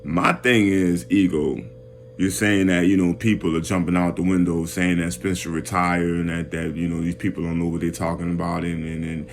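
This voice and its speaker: A man's voice: sits low, flat delivery, normal speed, slight background noise. A man giving a casual, slang-heavy boxing commentary rant, talking animatedly and restarting his phrases often.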